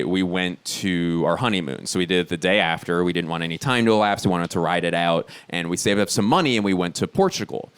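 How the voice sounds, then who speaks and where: A man in his thirties doing a stand-up comedy set, telling stories in an incredulous, animated way with sudden high outbursts. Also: clean tone. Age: 30s. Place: comedy stage before a live audience.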